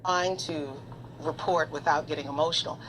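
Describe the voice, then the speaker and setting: A woman's voice: sits low, fairly even intonation, normal speed, a bit bright, a little hiss or hum, poor audio. A woman giving television news commentary as a panel guest, earnest and building her points with repeated phrases.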